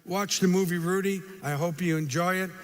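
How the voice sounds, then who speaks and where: An older man giving a live motivational speech, an animated storyteller who acts out quotes and throws in punchy asides. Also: high voice, a little fast. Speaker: motivational speaker. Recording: hall reverb, faint ambience.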